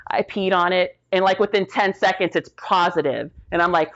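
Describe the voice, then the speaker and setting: A middle-aged woman veteran telling stories casually in an interview, animated and slangy, acting out the voices of the people she quotes. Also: on the low side, moderate pace, dull audio. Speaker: military veteran guest.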